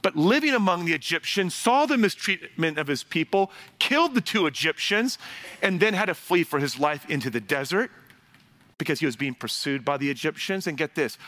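A man's voice: on the high side, expressive, brisk, sharp tone. A man preaching a sermon in a conversational way, with asides and little jokes to the congregation. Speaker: pastor.

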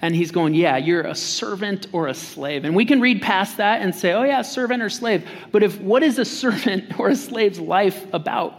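A man with a high voice preaches a sermon in a casual, joking way and acts out the lines he quotes. His words ring out with a long reverb, as in a large hall. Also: normal speed, few pauses. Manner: conversational and humorous, acts out quotes. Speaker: pastor.

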